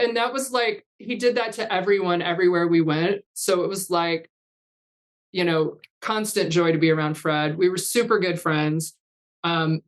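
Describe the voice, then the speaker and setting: A woman in her fifties, a guest in an interview, telling long rambling anecdotes in casual chat and laughing often. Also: on the low side. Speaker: guest, artist coach.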